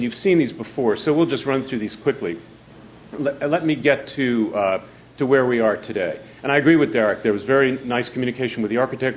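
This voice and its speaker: A man representing neighborhood associations at a public hearing, out of breath, apologetic and halting with many fillers. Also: mid-range voice, slight background noise. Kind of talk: public comment testimony.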